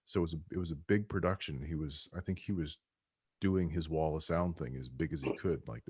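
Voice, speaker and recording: Deep husky man talking about his book. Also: a little fast, a little mellow. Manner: rambling, with many restarts and "you know". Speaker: book co-author and guest. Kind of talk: casual podcast conversation.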